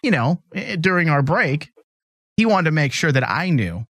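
A man's voice: fairly high pitch, big pitch swings, moderate pace, fairly bright tone, no room sound. A man hosting a comedic call-in show, joking and rambling as he talks to callers. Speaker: show host. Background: faint music.

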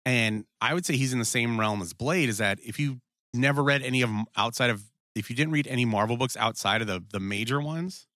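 A man's voice: medium pitch, brisk, sharp tone, no echo, clean studio sound. A man co-hosting a podcast, chatting casually, rambling and profane as he recaps an episode. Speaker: podcast co-host. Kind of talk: casual chat about a TV series.

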